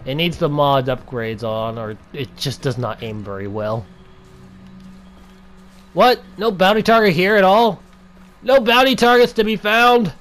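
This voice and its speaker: A man's voice: a little high, expressive. Playful man taunting through gameplay. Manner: playful, taunting enemies, drawn-out mock-dramatic shouts. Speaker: gameplay commentator. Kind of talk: gameplay commentary.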